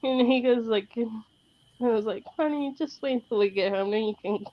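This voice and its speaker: High-voiced woman, dry lo-fi sound. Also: normal speed. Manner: gossipy, tells anecdotes with giggles. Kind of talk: casual chat.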